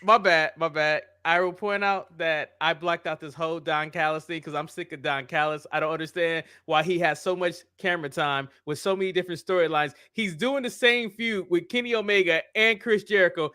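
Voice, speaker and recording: Um homem, co-apresentador de podcast, em conversa descontraída, reclamando com exasperação e hesitando. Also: male voice, sits high, pushed and bright. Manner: exasperated ranting, restarts. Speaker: podcast co-host. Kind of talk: casual chat.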